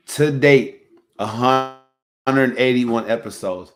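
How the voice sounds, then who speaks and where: A man hosting a relationship podcast in casual chat, emphatic and swinging from soft, emotional talk to loud hype calls. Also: medium pitch, measured pace. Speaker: podcast host.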